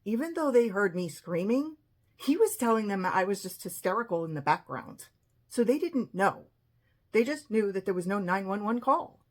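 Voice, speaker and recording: A woman with a husky voice telling an emotional personal story, often quoting what others said. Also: medium pitch, big pitch swings, moderate pace.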